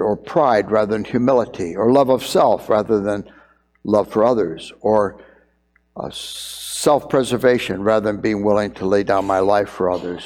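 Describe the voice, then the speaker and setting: A middle-aged man preaching as a pastor, earnest, sometimes acting out scenes in quick raised voices. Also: fairly low pitch, darkish tone, big-room sound. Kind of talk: sermon on parenting.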